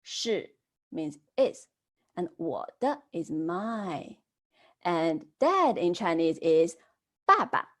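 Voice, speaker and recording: Slow, lively-voiced woman teaching Chinese. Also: fairly low pitch. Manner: models words slowly, then prompts the class to repeat. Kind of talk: online class instruction.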